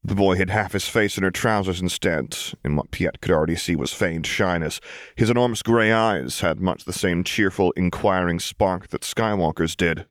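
Deep-voiced man reading a story. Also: no echo, studio quality. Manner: measured, expressive storytelling. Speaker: audiobook narrator. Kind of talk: scripted narration.

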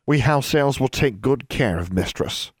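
A man voicing a loyal, tearful female house elf in an audiobook, with a tremulous, croaky voice. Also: mid-range voice, lively intonation, a little slow, no echo, studio quality, pitched above the performer's own voice. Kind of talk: audiobook character voice.

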